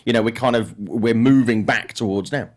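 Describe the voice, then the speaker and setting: A man's voice: mid-range voice, moderate pace. A British man hosting a casual panel chat about film news, rambling with lots of fillers. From United Kingdom. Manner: animated, rambling with many fillers. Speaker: podcast host.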